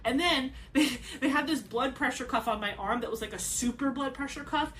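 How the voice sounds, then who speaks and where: A woman's voice: sits high, a little fast, fairly bright tone, slight background noise. A young woman hosting a craft channel, telling a personal story in a chatty way full of "like" and restarts. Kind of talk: casual chat, telling a birth story.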